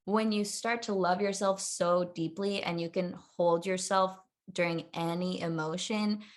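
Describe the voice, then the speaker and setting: A woman's voice: lowish voice, steady tone, unhurried. A woman from California hosting a casual podcast, talking enthusiastically and emphatically and swearing casually. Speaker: podcast host.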